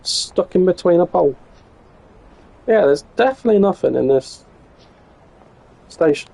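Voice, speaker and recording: An English man with a gravelly, creaky edge to his somewhat raised voice, chatting through a live game stream. He mutters to himself, swears casually and keeps up a running commentary, with a mellow, darker tone overall. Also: high-pitched, lively intonation, moderate pace, poor audio. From England.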